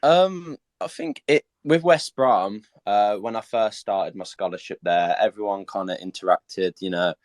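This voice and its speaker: A man's voice: lowish voice, a little slow, hardly any pauses, dry recording. A young man, a footballer guest, answering interview questions hesitantly with many fillers.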